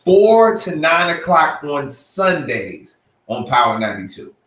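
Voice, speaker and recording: A man co-hosting a podcast, telling a story with lively acted-out quotes and sudden jumps in pitch. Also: unhurried, distant mic. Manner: excitable, acts out quotes with big pitch jumps. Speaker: podcast co-host. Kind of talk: animated storytelling. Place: room at a live podcast show. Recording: roomy, from off the mic.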